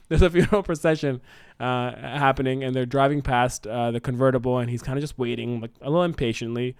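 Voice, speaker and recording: A man co-hosting a podcast, pitching a film plot in a rambling, animated way with lots of fillers. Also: brisk, clean tone, no echo, studio quality. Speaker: podcast co-host. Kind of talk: casual brainstorming chat.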